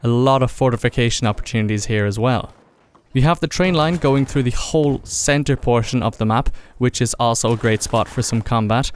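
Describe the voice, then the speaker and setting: A man's voice: medium pitch, brisk, a little hiss or hum. A man narrating a gameplay video in a casual, enthusiastic commentary voice-over. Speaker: gaming video creator.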